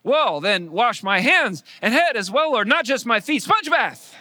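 A man voicing an impulsive, eager male disciple in a loud, high, protesting voice. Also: huge pitch swings, unhurried, dry recording, exaggerated voice. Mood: pleading.

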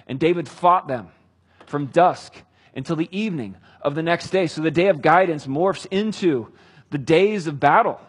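A man in his thirties preaching a sermon, retelling a story in an earnest way with dramatic pauses. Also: on the high side, breathy edge. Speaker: pastor.

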